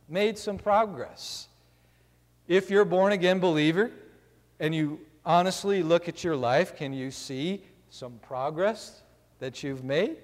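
A man preaching a sermon with a somewhat high-pitched voice. He reads scripture slowly, then explains it with simple everyday examples. His voice carries a long reverb, as in a church hall. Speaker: pastor.

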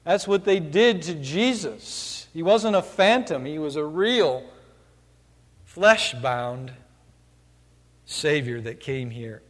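A man's voice: fairly high pitch, expressive, takes it slowly, pauses often, fairly bright tone. A man preaching a sermon, earnestly explaining scripture step by step, in a long church-hall reverb.

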